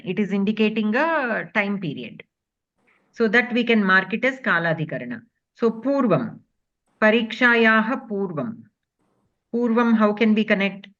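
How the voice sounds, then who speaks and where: A woman's voice: medium pitch, fairly bright tone, highs cut off. Patient woman teaching grammar. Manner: patient, explanatory, checks in with "okay?". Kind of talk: online class explanation.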